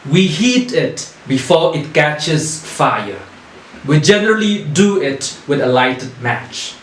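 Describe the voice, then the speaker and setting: A man teaching a recorded lesson, asking questions and answering them himself in a deliberate way. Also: a little high, slight background noise. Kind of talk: recorded online English lesson. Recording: echoey room.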